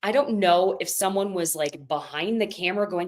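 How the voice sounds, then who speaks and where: A woman's voice: lowish voice, moderate pace. A woman co-hosting a podcast, chatting casually and animatedly as she recaps a reality show. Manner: chatty, animated, quotes others in put-on voices. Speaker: podcast co-host.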